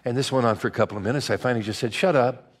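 An older male pastor delivering a sermon like a conversation, full of anecdotes. He stumbles and restarts often, then breaks into lively asides. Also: mid-range voice, racing, very noisy. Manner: conversational storytelling, many restarts, animated asides.

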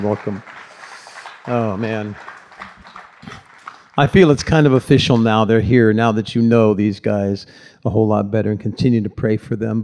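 A man's voice: lowish voice, darkish tone. A middle-aged man, a pastor, giving a sermon in a conversational, folksy way with touches of humor.

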